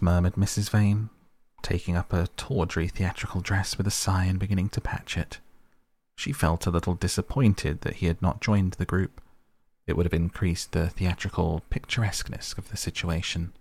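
A man reads a classic novel aloud, measured and even. His voice sits very low with a gravelly edge, recorded dry and close. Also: dry recording. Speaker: narrator. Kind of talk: audiobook reading.

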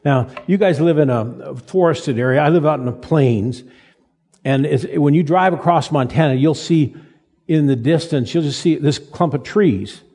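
A man in his seventies preaching a sermon in a folksy, halting way, repeating words as he tells stories. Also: fairly high pitch, warm tone, slightly rough. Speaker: pastor. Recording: long reverb of a large hall.

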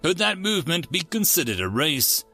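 A man voicing a fussy, exasperated flying alien commander who talks in a high chirp. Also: big pitch swings, moderate pace, pushed and bright, faint music behind, heavily acted. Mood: demanding.

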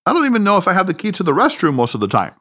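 A man's voice: sits high, very fast, pitched above the performer's own voice, heavily acted. A man reading an audiobook and voicing a mischievous, shrewd male martial arts sage who teases and soothes by turns. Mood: teasing. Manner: teasing, then soothing and calm. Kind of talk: audiobook character voice.

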